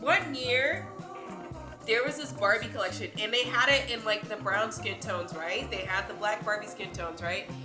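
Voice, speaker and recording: A woman's voice: mid-range voice, moderate pace. Woman, stuffy nose, casual chat, says dude a lot, roomy sound. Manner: chatty, swears a lot, says "dude" often. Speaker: streamer. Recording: echoey room with music playing.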